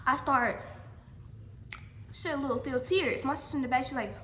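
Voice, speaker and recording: A woman's voice: sits high, normal speed, pauses often, fairly bright tone, roomy sound, a little hiss or hum. A woman telling a storytime vlog emphatically, repeating her points and calling her viewers y'all. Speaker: vlogger.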